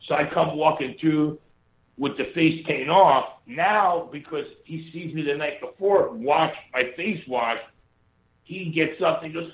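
Speaking a little slowly in a fairly high voice, this ex-wrestler from Hawaii spins rambling, casual stories and curses freely. The audio echoes and sounds thin, almost like a phone call.

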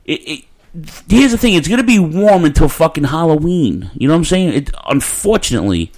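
A man's voice: on the high side, sing-song, fairly quick, darkish tone. Rambling, profane New man. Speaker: podcast host. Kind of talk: casual podcast chat.

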